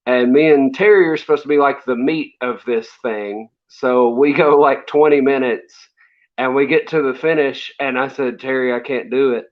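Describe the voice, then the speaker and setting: Male interview guest, relaxed rambling storyteller, mid pitch, muffled lo-fi audio. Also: moderate pace. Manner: laid-back, rambling with fillers and laughs. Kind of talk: casual storytelling. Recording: dull lo-fi sound.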